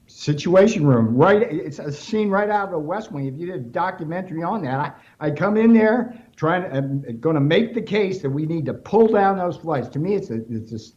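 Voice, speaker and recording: A man's voice: fairly high pitch, animated, normal speed, few pauses, a little mellow, highs cut off. A man as a guest on a talk radio show, telling stories emphatically and with animation.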